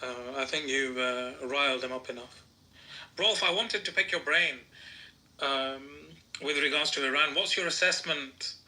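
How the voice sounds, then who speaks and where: A man moderating a discussion, hesitant and filling pauses with "uh". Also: medium pitch, pushed and bright. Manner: hesitant, lots of uhs.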